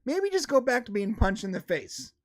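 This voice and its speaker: A man's voice: extremely high pitch, very animated, normal speed. A man co-hosting a casual podcast livestream, telling a story and acting out both sides. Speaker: podcast co-host.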